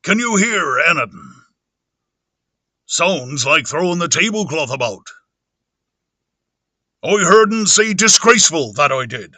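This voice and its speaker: A man's voice: a little high, sing-song, a little slow, long pauses, pushed and bright, no echo, pitched above the performer's own voice, heavily acted. A man voicing a plain-spoken rustic innkeeper with country dialect speech, for an audiobook. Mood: puzzled.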